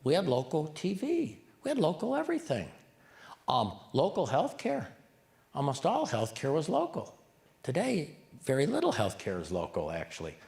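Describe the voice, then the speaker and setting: A man's voice: fairly high pitch, huge pitch swings, moderate pace, creaky, a little mellow. A man giving a live community talk, joking and putting questions to the audience. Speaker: community speaker.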